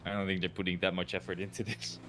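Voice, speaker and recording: Brief: lower-voiced guy, complains and cusses in easy banter, slight hiss behind. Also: flat delivery, fast talker. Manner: swearing, complaining. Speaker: tow truck driver roleplayer. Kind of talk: casual roleplay chat.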